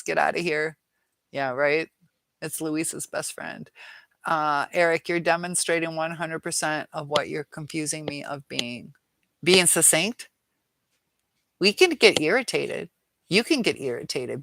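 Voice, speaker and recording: A woman's voice: low-pitched, measured pace, a bit bright, no echo. A woman hosting a live chat, reading viewer comments aloud and answering them frankly, with exasperation.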